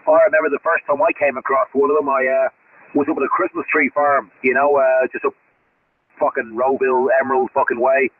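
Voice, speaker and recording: A man's voice: medium pitch, flat delivery, a little fast, slightly rough, no echo, narrow, tinny audio. An Australian man chatting casually over CB radio, rambling and swearing constantly. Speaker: CB radio operator. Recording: CB radio transmission with static.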